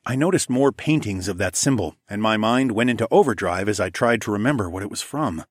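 A man narrating a story in the first person, in a steady, plain storytelling manner. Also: lowish voice, brisk, dry recording, studio quality. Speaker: audiobook narrator.

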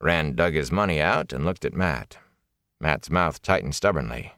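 In a close, dry recording with no room sound or echo, a very deep-voiced man narrates a fantasy audiobook. His delivery is measured, yet his pitch stays lively as the story unfolds.

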